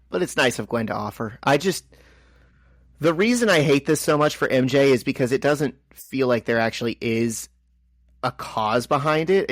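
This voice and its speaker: A man's voice: mid-range voice, no echo. A man co-hosting a podcast, chatting casually about comics with wry, dry jokes. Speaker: podcast co-host.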